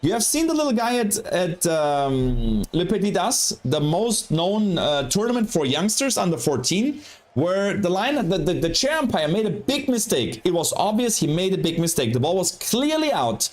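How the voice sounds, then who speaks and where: Male tennis streamer, high voice, excitable and chatty. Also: normal speed. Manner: excitable, animated, talks straight to chat. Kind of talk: casual live-stream commentary.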